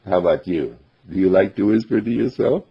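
A man's voice: sits low, a little fast, breathy edge, lo-fi sound. A man giving an earnest, upbeat self-affirmation monologue as a motivational speaker, repeating his affirmations.

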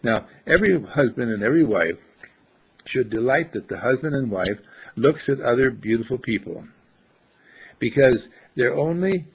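An older man giving life advice in a casual inspirational talk, animated and chuckling, often acting out little dialogues in a husky voice. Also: mid-range voice, normal speed. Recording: dull lo-fi recording.

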